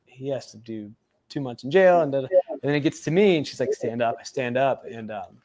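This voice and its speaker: A man's voice: mid-range voice, fairly quick. A man, a former Navy SEAL, telling a long personal story in a casual interview, with lots of fillers, acting out the voices of the people he quotes. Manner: animated retelling, acts out quoted voices, many fillers.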